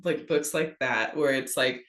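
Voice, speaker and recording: A low-pitched woman in her thirties chats casually about picture books, telling little stories and laughing easily. The room around her is echoey. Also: a little slow. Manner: chatty, warm storytelling, laughs often. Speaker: guest. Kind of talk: casual podcast chat about children's books.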